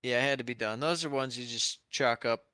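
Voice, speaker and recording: A man co-hosts a football podcast, trading jokes and chatty banter while he recaps matches. His voice is smooth and resonant at a middle pitch. It is recorded close and dry. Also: fast talker, sharp tone, no echo. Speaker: podcast co-host.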